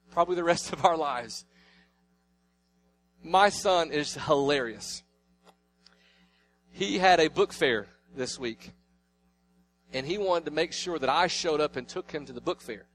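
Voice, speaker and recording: Male pastor, 30s, high-pitched, storytelling sermon voice with a faint noise floor. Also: moderate pace, pauses often. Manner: storytelling, swings between loud preaching and hushed asides.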